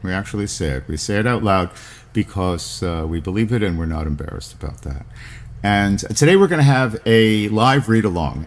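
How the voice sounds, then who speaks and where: A man hosting a podcast, talking about literature in a discursive lecture style, with many fillers and restarts. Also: low-pitched. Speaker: podcast host.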